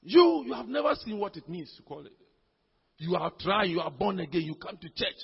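A man preaching a sermon, swinging from shouts to low, intense lines and repeating words as he builds. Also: big pitch swings, a little fast. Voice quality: husky, gravelly voice. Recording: dull lo-fi hall recording.

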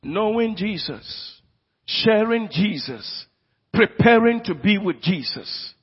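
A man's voice: sits high, animated, takes it slowly, slightly rough. A man preaching a sermon in a church in a Ghanaian English accent, emphatic and asking his congregation questions. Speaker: pastor. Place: church hall. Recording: dull, lo-fi recording in a reverberant church hall.

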